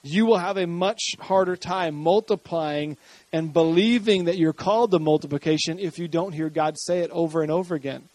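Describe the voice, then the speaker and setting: A man's voice: on the high side, normal speed, a little mellow, no echo. A man preaching a sermon as pastor to a congregation, building energy and joking with the crowd.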